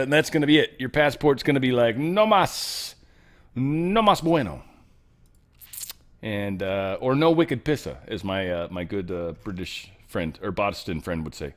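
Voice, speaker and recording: A man hosting casual news commentary. He rambles and jokes, jumping between loud bursts and low mutters. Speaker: host.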